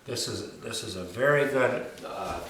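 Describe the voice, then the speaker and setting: A man who trains dogs, talking through a demonstration in a folksy way, repeating himself and saying "you know" often, with soft murmurs to the dog. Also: fairly low pitch, unhurried. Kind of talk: casual hands-on demonstration. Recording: echoey room with faint ambient noise.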